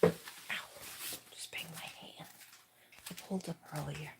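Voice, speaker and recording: A woman chatting casually on a live stream from home, rambling and soft-spoken, often dropping to a whisper. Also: low voice, steady tone, a little slow, vocal fry.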